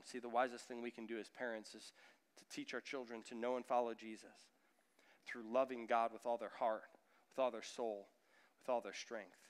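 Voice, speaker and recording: A man in his thirties, a pastor preaching a sermon in a church, lively and acting out the voices of people he quotes. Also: medium pitch. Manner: animated, acts out quoted voices of his son and listeners. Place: church sanctuary. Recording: echoey church hall.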